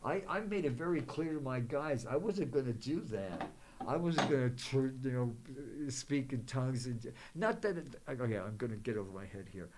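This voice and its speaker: A man hosting his own psychic show, rambling through spiritual advice full of fillers and restarts, with gentle affirmations and blessings for viewers. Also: mid-range voice, lively intonation, moderate pace, slight background noise.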